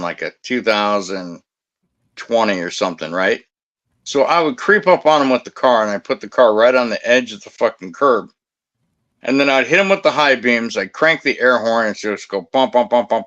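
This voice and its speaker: A man's voice: medium pitch, a bit bright, highs cut off. A man who used to guard a cemetery tells blunt, profane anecdotes in casual chat. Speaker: former cemetery security guard.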